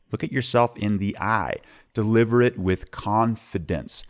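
A man hosting a podcast, talking candidly as he shares personal stories and practical tips. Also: fairly low pitch. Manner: candid, plain-spoken storyteller. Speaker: podcast host. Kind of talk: podcast monologue giving tips.

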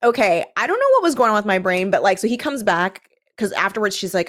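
A woman co-hosting a casual talk, retelling a story in a lively, chatty way. She scatters "like" through her sentences and drops into quick voiced asides. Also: mid-range voice. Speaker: podcast co-host. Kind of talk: casual chat recapping a book.

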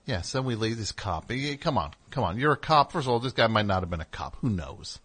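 A man's voice: lowish voice, lively intonation, a little fast, husky. A man hosting a radio show, telling a story in a casual, rambling way with wry asides in the studio.

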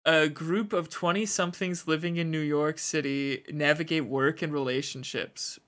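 Bright-voiced male co-host, easygoing. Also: a little high, steady tone, normal speed. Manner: hesitant, many fillers, reads news aloud. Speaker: podcast co-host. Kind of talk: casual chat.

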